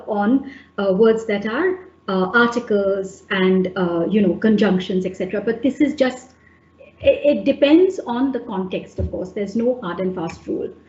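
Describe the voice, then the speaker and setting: Woman, webinar trainer, slightly high voice, hesitant explaining, roomy muffled call audio. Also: darkish tone. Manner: explanatory, hesitant with fillers and restarts. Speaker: teacher trainer. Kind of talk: online webinar lesson. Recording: echoey, dull webinar audio.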